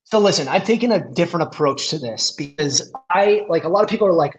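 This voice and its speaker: A man's voice: on the high side, fairly quick, hardly any pauses, low-quality recording. A man talking casually as a podcast guest, rambling with lots of fillers and restarts.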